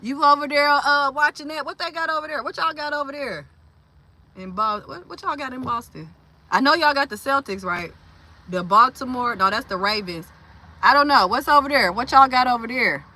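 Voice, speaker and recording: Bright, chatty woman in her forties. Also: sits high, normal speed. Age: 40s. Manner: chatty, reads and answers viewer comments aloud; loose, slangy talk with many fillers. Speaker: livestream host. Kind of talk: casual livestream chat.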